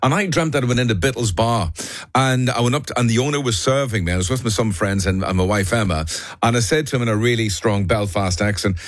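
A man's voice: mid-range voice, fast talker, no echo. Male breakfast radio host, chatty, self-amused storyteller, dry close studio mic. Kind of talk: casual chat. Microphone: studio microphone.

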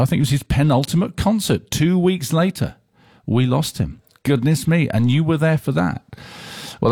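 A man presenting a rock radio show from a studio, chatting and reading out listener messages with lively asides. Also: lowish voice, dry recording. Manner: chatty, animated, reads messages aloud with asides. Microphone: studio microphone.

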